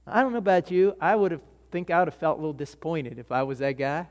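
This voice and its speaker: Here a pastor speaks fast with hardly any pauses, his fairly high voice a little mellow. He preaches through casual stories, voicing characters and restarting sentences many times, in a hall with long reverb.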